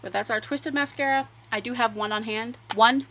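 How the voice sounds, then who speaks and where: A woman hosting a casual makeup livestream, rambling chattily between applying mascara and pitching her products. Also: normal speed, pushed and bright, slight background noise, poor audio. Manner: chatty and rambling, drifting between demo and sales talk. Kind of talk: casual makeup tutorial chat.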